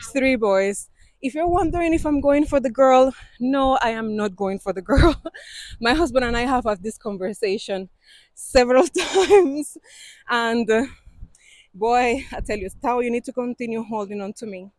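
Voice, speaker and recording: Breathy Cuban woman vlogging on a trail. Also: fairly high pitch, moderate pace, a little mellow, no echo. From Cuba. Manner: chatty, laughs often, non-native phrasing. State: out of breath from climbing. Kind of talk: casual walking vlog. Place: mountain trail outdoors.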